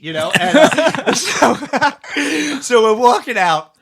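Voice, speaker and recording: A man's voice: very high-pitched, lively intonation, slow pace, sharp tone. A man, a podcast host, telling a profane story in casual chat, laughing often as he talks. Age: adult parent.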